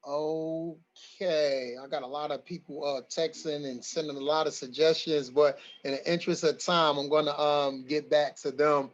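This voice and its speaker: A man's voice: a little high, steady tone, normal speed, highs cut off. A man hosting an online community forum, talking emphatically and repeating his lines for stress. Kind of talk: livestream community address.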